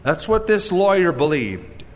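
A man preaching a sermon, animated and storytelling, who acts out the voices he quotes and breaks in with wry asides. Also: sits high, measured pace, in a large hall. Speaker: pastor.

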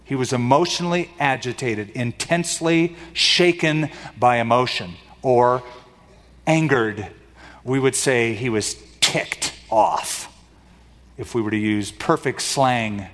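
A man's voice: mid-range voice, takes it slowly, fairly bright tone. A man preaching a sermon in a dramatic style, asking the congregation rhetorical questions. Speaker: pastor. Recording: long hall reverb.

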